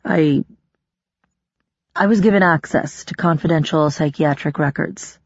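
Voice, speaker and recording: A reader voicing a guarded woman who speaks reluctantly and haltingly. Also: deep voice, breathy edge, no room sound, muffled recording, exaggerated voice.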